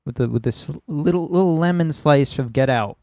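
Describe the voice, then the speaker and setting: A man's voice: on the high side, normal speed, darkish tone, no room sound, clean studio sound. A man co-hosting a horror film podcast, opinionated and wry, swearing casually as he talks. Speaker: podcast co-host. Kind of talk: casual chat.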